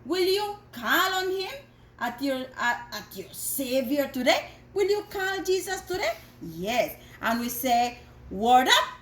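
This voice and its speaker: A woman teaching a Bible story to children, animated, with dramatic gasps. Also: sits high, a little slow. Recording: echoey room.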